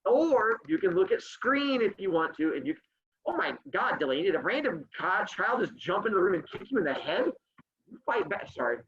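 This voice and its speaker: A male teacher reads a story to his class over a video call and breaks off for playful jokes with the students. His voice sits high and swoops widely up and down. The call audio is muffled and low-fidelity. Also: very animated, a little fast, a bit bright, slight background noise. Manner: playful, joking asides to students. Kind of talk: reading a story aloud to a class. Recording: dull lo-fi sound.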